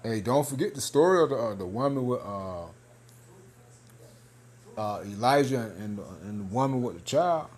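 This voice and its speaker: Man, mid-pitched voice, casual spoken commentary, reads news aloud, loose and joking, keeps saying man and hey. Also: normal speed, long pauses. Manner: loose and animated, peppered with 'man' and 'hey'; half-joking, laughing between points. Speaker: religious video commentator.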